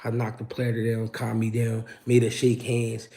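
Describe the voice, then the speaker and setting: Dude hosting a chill livestream, slangy, mid-pitched, telling street stories. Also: male voice, completely flat delivery, moderate pace, gravelly, warm tone. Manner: slangy, laid-back street storytelling. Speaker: host. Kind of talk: livestream chat.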